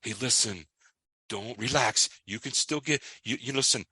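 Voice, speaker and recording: A man quoting a young marine, hushed and pleading. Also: mid-range voice, normal speed, slightly rough, no room sound. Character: young male marine, tense, pleading calmly.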